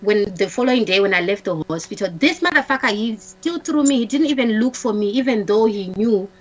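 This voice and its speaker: A woman, a talk-show guest, telling a personal story in a halting way, restarting often, repeating words and acting out what others said. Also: a little high, expressive, highs cut off. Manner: acts out the dialogue of others in her story.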